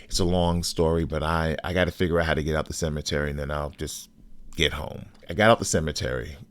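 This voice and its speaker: A man and podcast host recounting a personal story in a measured, deliberate way, cursing bluntly at times. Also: rumbling low, a bit bright.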